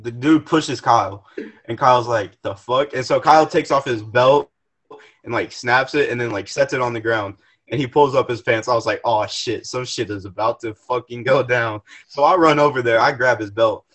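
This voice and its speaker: A man's voice: mid-range voice, fairly bright tone. A young man, a podcast guest, telling a profane, rambling story in casual chat with many restarts. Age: young adult.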